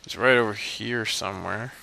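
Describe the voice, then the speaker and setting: A man's voice: on the low side, normal speed, gravelly, bright, forceful tone. A young man hosting a let's play, giving casual, rambling gameplay commentary in a joking, self-mocking way.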